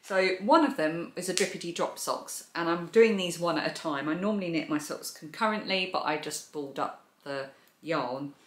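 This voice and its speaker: A woman's voice: on the low side, moderate pace. A woman hosting a knitting and crochet vlog, chatting enthusiastically about her projects. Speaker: crochet and knitting channel host. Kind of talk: casual show-and-tell vlog. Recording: echoey room.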